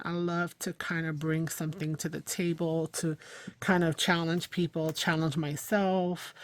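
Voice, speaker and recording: A woman chats through a live crafting session. Her voice sits a little low. Faint noise and small clicks run underneath her rambling, self-deprecating talk. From New York, USA. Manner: chatty, thinks aloud while working, frequent fillers; self-deprecating, laughs at herself. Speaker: craft channel host. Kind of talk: casual crafting livestream.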